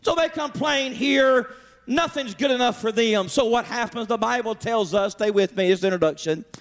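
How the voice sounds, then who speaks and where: A man preaching a Sunday sermon, emphatic, rising to shouts and calling out to his congregation. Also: very high voice, moderate pace. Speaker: pastor.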